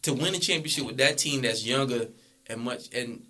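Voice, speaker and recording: Young male co-host, bright voice, steady, reasoned sports talk. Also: medium pitch, normal speed. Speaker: podcast co-host. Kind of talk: casual sports debate.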